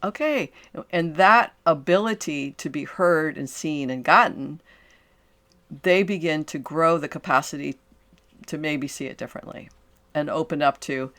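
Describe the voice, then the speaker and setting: Addressing her listeners alone, an older coach and podcast host speaks at an ordinary pace with a low pitch. Her delivery is animated and sincere, with frequent restarts and encouraging side remarks.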